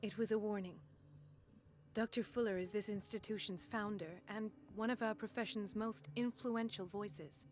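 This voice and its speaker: A woman's voice: medium pitch, steady tone, moderate pace, a little mellow, lightly acted. An actress playing a determined female doctor in video game dialogue, speaking in an earnest, firm way. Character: determined young female doctor, principled and blunt.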